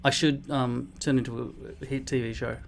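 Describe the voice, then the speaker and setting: Gravelly, foul-mouthed man. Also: mid-range voice, fairly even intonation, moderate pace, a little hiss or hum. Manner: blunt, swears often, mock-boastful. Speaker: vlogger replying to comments. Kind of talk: casual comment-reply monologue.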